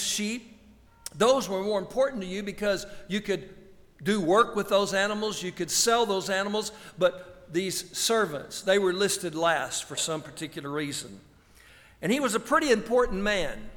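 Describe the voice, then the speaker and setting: A man preaches in a fairly high voice, leaning hard on each phrase and slowing right down when he quotes scripture. His words ring out with a long reverb, as in a large church hall. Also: fairly bright tone. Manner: slow, emphatic preaching with drawn-out quotations. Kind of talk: sermon.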